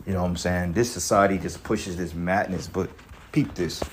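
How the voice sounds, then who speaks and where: A man's voice: sits low, fairly even intonation, moderate pace, slight background noise. Angry, profane man ranting. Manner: profane, angry and emphatic, with many restarts. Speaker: commentator reacting to a clip. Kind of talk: heated reaction rant.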